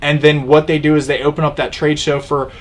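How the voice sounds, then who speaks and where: A man's voice: on the high side, little pitch movement, fairly quick. A man with a slightly raised voice talks through his opinions in a casual sit-down chat. He explains at length, often restarting sentences mid-thought, and speaks as the show's co-host. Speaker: co-host of an outdoors channel.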